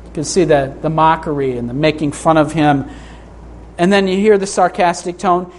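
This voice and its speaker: A middle-aged man preaching a sermon in a church, earnest, slowing down to read scripture and lifting his voice for emphasis. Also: steady tone. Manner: earnest, rises in pitch for emphasis, reads scripture slowly. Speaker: pastor. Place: church sanctuary.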